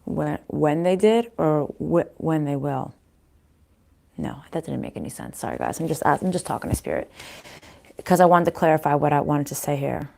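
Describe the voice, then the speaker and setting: A woman giving a casual tarot reading to viewers, pausing to consult spirits aloud and often restarting her sentences. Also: sits low, sing-song, creaky, dark tone. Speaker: tarot card reader.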